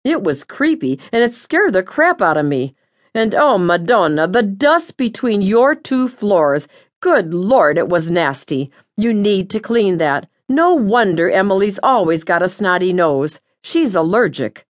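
A woman's voice: medium pitch, very animated, a little slow. A woman voicing the scolding, blunt ghost of an older mother in an audiobook. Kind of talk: audiobook character voice.

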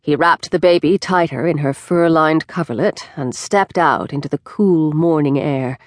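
A woman narrating an audiobook in a measured, expressive storytelling manner. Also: deep voice, no echo, clean studio sound. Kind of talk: scripted narration. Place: recording studio. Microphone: close studio mic.

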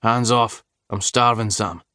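An easygoing Scotsman in an audiobook, as the male narrator puts him on speaks with a deep, lazy drawl. His manner is teasing and unhurried. His voice sits a little low, and the recording is dry and close. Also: level tone, fairly bright tone, dry recording. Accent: Scottish. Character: adult Scottish man, lazy and teasing.

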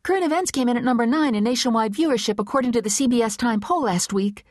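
A woman doing a high, eager young reporter. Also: big pitch swings, no echo, clean studio sound. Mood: pleading. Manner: quick, pleading, breathless.

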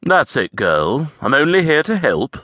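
A male audiobook narrator voicing a calm, commanding man who speaks smoothly and evenly. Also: fairly high pitch, a little slow, no room sound, studio quality, voice pushed up, heavily acted. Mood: soothing.

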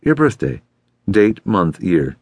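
A courteous, composed middle-aged detective speaks in a measured, polite way, as a male narrator plays him. The voice stays low and steady. The audiobook is recorded in a dry, close studio. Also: breathy edge, dry recording, heavily acted. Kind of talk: audiobook character voice.

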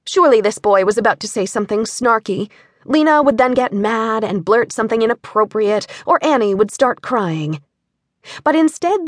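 A woman narrating an audiobook with animated storytelling on a close studio mic. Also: mid-range voice, dry recording. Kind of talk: scripted narration.

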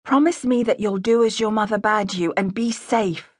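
Woman playing a soft, pleading young lady, audiobook romance heroine, dry close mic. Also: mid-range voice, normal speed, no echo, close to an everyday voice. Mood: tender. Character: gentle young English gentlewoman.

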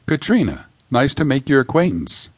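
A man reading an audiobook, voicing a dazed young woman from the fifties who speaks softly and politely. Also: medium pitch, huge pitch swings, normal speed, husky, dry recording, clean studio sound, pitched above the performer's own voice. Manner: soft, tentative, old-fashioned politeness.

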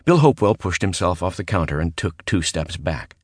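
A male audiobook narrator reads horror fiction in a measured, even storytelling voice. His tone sits very low and deep. The sound is dry and close, with no room echo. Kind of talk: scripted narration. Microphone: close studio mic.

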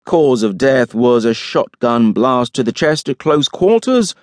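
A man's voice: mid-range voice, very animated, unhurried, no room sound, voice pushed up. A man voicing a cynical, urbane middle-aged pathologist, dry and matter-of-fact.

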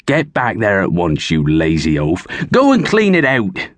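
A man voicing a rich, bossy, irritable farmer who yells and scolds. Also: very deep voice, animated, moderate pace, no echo, voice pushed down. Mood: angry. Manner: yelling, scolding.

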